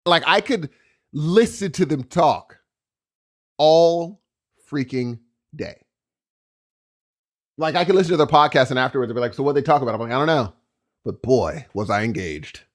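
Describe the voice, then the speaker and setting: Lively, animated middle-aged man chatting. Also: fairly high pitch. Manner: animated, quick bursts of storytelling. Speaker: podcast co-host. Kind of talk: casual chat.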